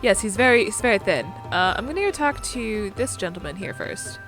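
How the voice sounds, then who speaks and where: A woman's voice: mid-range voice, lively intonation, brisk, fairly bright tone, soft background music. A woman giving casual, rambling commentary as she plays through a video game. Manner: chatty, rambling, lots of fillers. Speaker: video game let's player.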